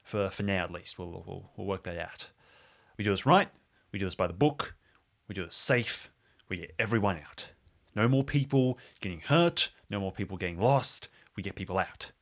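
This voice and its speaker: A man's voice: sits low, lively intonation, moderate pace, fairly bright tone. A man voicing an anxious rescuer giving himself a pep talk. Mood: determined.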